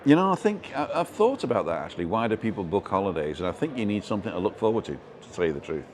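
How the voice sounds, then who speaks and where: A man's voice: fairly low pitch, sing-song, fast, a little mellow, slight background noise. A man with a relaxing voice, from the UK, hosting a casual live stream and chatting his way through viewer comments.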